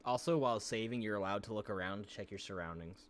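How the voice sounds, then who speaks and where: A man's voice: lowish voice, quick pace, a little hiss or hum. A man streaming a video game, explaining its mechanics in a joking, casual chat.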